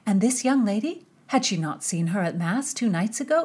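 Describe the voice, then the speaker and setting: A woman narrating a historical novel aloud, with measured, expressive storytelling. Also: mid-range voice, husky. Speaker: audiobook narrator. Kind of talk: scripted narration with character voices.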